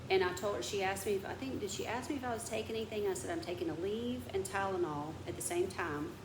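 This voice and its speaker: A woman's voice: mid-range voice, fast talker. A woman vlogging in casual chat, rambling through a story, venting, and sometimes dropping to a whisper. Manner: rambling storyteller who vents and drops to a whisper. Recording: echoey room with background noise.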